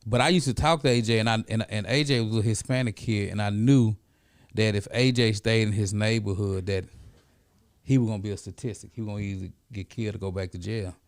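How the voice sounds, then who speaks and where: A middle-aged man, a podcast guest, telling a story in a lively, casual way and often checking in with "right?". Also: lowish voice, fairly quick, dry recording, clean studio sound.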